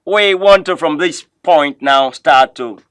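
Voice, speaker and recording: A man's voice: a little high, a bit bright, clean tone, no room sound. Man teaching French pronunciation, repeating words. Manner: repeats words slowly for learners to copy; says "of course" often. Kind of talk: classroom lesson, teaching pronunciation.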